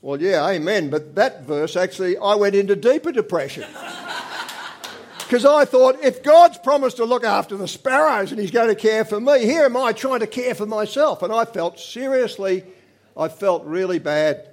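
Older man, church testimony, earnest storyteller, voice sits a bit high. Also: normal speed. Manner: earnest storytelling, swings from animated to quiet. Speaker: church member giving a testimony. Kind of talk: personal testimony to a congregation.

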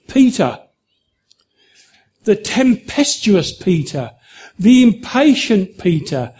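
Slow, mellow-voiced male preacher. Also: sits high. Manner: storytelling, earnest, with small restarts. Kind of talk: sermon.

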